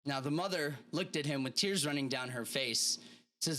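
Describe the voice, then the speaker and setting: A man's voice: medium pitch, normal speed, bright, forceful tone. A man hosting a motivational podcast, telling stories casually and animatedly with plenty of slang. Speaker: podcast host. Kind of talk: motivational monologue.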